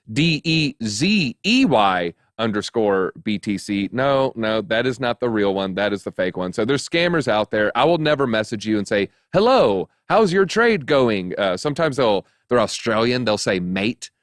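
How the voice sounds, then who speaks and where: A man's voice: lowish voice, lively intonation, normal speed, hardly any pauses, no echo, clean studio sound. A man hosting a crypto news show, talking casually in a chatty, joking, rambling way with lots of fillers. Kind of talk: casual chat.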